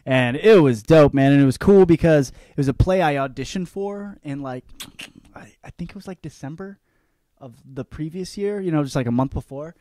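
A man's voice: on the high side, moderate pace, dark tone, no room sound, clean studio sound. A young man hosting his own podcast, talking in a cocky, profane, rambling comic monologue full of restarts. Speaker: podcast host.

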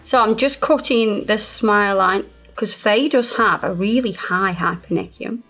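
A woman's voice: medium pitch, measured pace, fairly bright tone, faint music behind. A woman from the English Midlands with a slight lisp, chatting as she walks through a nail tutorial. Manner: chatty, explains steps as she works. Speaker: nail technician and channel host. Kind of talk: chatty tutorial while working.

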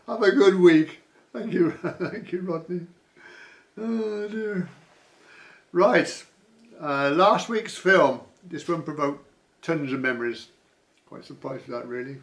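A man's voice: sits high, takes it slowly, vocal fry, long pauses. A man vlogging casually, reading viewer comments aloud with dry asides and frequent chuckles.

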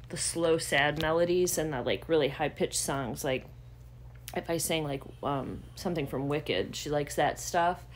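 A woman's voice: low-pitched, slight background noise. A woman vlogging at home in casual, chatty talk, full of "like" fillers. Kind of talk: casual chat.

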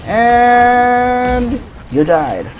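A man's voice: very high-pitched, big pitch swings, extremely slow, soft background music. A man giving profane commentary over his own gameplay, trash-talking opponents. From Sweden. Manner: swears a lot, trash-talks opponents. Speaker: gaming commentator.

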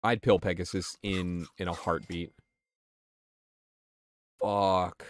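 A man's voice: sits low, level tone, takes it slowly, dry recording. A man streaming a game, talking casually and swearing while he answers his chat. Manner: chatty and profane, answering chat. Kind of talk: casual gameplay commentary.

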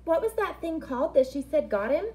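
A woman voicing a timid little girl who sounds high and anxious. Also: expressive, fairly quick, mellow. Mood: worried.

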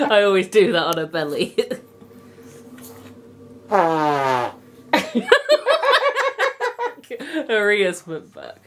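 A young woman vlogs indoors at home with a handheld camera, gushing baby talk at her pet dog amid gasps, giggles, and dog sounds. Her medium-pitched voice swoops wildly and moves extremely slowly with long pauses, against a noisy background.

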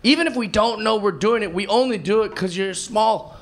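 A man in his thirties doing brash live stand-up comedy, swinging between shouted punchlines and muttered asides. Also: sits high, fairly quick, a crowd in the background. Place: comedy club stage with a laughing audience. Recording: live club recording with audience noise.

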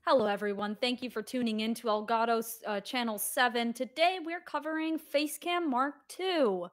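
A woman's voice: on the high side, moderate pace, close to an everyday voice. A woman putting on the voice of a formal female TV news anchor. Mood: mock-formal. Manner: formal announcer delivery.

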